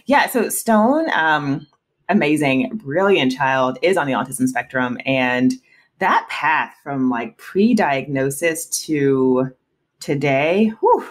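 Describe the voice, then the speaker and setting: A woman's voice: a bass voice, animated, slow. A woman in her thirties talking candidly as a podcast guest, emotional at times, with frequent restarts and laughs. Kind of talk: casual interview conversation.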